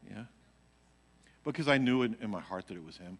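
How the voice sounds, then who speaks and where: A man with a lowish voice tells a loose, rambling testimony to a congregation, leaning on casual fillers as he goes. He is caught live in a church sanctuary, and his words trail off into a long hall reverb. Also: animated, a little fast, fairly bright tone, slightly rough. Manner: rambling storytelling, heavy on fillers. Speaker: worship leader speaking at church.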